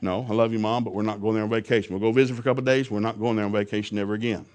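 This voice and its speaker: Brief: a preacher playing his wife, firm and insistent, kept low and quiet. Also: fairly even intonation, very fast, natural voice. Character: exasperated wife set on a real vacation.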